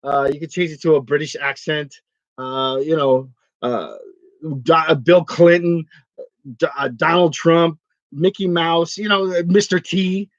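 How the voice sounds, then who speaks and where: A man's voice: fairly high pitch, fairly even intonation, no room sound. A man in a casual, rambling vlog who jokes, complains, and laughs easily. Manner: rambling, joking, quick to laugh. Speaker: online reseller vlogger. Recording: dull, lo-fi, dry sound.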